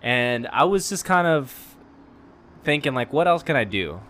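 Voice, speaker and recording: A young man speaking as a guest, his voice bright and a little forceful. He tells stories in a rambling way, circling back and restarting, at a middle pitch. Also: very animated, unhurried, slight background noise. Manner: rambling storyteller with frequent restarts and laughs. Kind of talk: casual chat.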